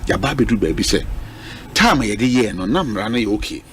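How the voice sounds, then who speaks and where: Low-voiced lively man. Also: quick pace, slight background noise. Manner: lively, mixes Twi and English. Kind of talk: radio panel discussion.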